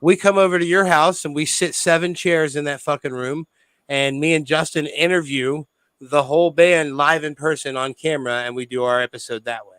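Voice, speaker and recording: A man's voice: fairly high pitch, steady tone, moderate pace, a bit bright, smooth, dry recording, rough recording. A man hosting a podcast, effusively thanking his guest in casual chat. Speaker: podcast host.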